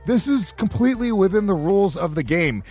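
A man's voice: high voice, lively intonation, a little fast, a little mellow, soft background music. A man co-hosting a podcast, in crude, profane, mocking comedic banter. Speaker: podcast co-host.

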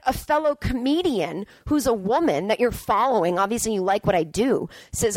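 A woman's voice: fairly high pitch, animated, normal speed, hardly any pauses, darkish tone, dry recording. Cranky, profane woman podcast host. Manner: cranky, profane, rambling, self-mocking. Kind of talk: casual solo podcast monologue. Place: indoors.

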